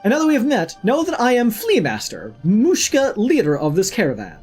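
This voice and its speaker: A streamer plays a flea caravan leader who greets travellers with grand, old-fashioned courtesy, the voice swooping widely up and down. The delivery is theatrical and formal, with gaming music playing softly underneath. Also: medium pitch, huge pitch swings, fairly quick. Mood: welcoming. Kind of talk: reading game dialogue aloud in voices.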